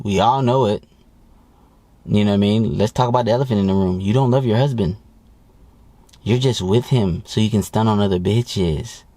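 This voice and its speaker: A man's voice: on the low side, warm tone, dry recording. A man giving dating advice in a blunt, profane, mocking rant. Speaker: dating coach. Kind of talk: ranting advice monologue.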